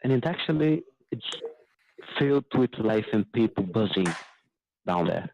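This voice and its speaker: A man's voice: lowish voice, lively intonation, creaky, muffled recording, background noise. A man narrating as game master for a tabletop game, stopping now and then to correct himself. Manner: halting, self-correcting narration.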